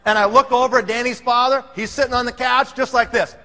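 A man telling a story to an audience, animated and acting out the scene. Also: very high-pitched, a little fast. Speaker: speaker telling a sales story. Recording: long hall reverb.

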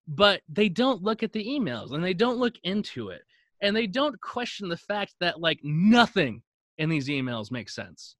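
Brief: male podcast co-host, animated and profane, bright, fairly high voice. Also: dry recording. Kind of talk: casual ranting chat.

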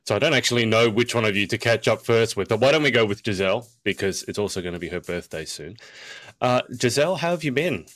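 Low-voiced chatty male podcast host. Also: lively intonation, a bit bright, no echo. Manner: chatty, teasing, quick to laugh. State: short on sleep. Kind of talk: casual podcast chat.

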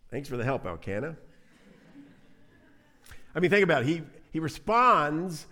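Animated, conversational male preacher. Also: on the high side, normal speed, long pauses. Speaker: pastor. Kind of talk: sermon.

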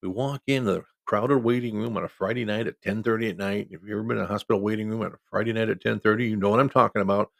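Speaking fast with few pauses, a middle-aged football referee from Iowa tells a casual story in a fairly low, gravelly, steady-toned voice on a dry recording. His delivery is folksy and conversational, and he quotes others in his own voice.

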